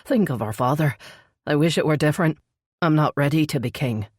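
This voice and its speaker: A woman's voice: low voice, brisk, dry recording, clean studio sound. A woman voicing a brooding male elf crown prince who speaks curtly and growls. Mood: grieving. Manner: gruff, curt, growling.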